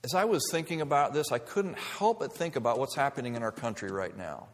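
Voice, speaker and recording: A man's voice: medium pitch, expressive, fairly quick, big-room sound. A male pastor preaching a sermon, full of rhetorical questions and building to emphatic points.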